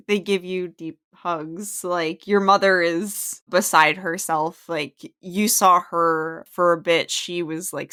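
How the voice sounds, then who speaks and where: A woman's voice: fairly low pitch, bright, forceful tone. A woman narrating as game master in a tabletop game, casual and full of fillers.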